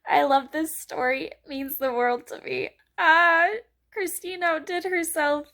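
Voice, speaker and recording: A woman's voice: high-pitched, expressive, unhurried, gravelly, fairly bright tone. A young woman vlogging casually about a book she is reading, gushing and emotional, laughing often.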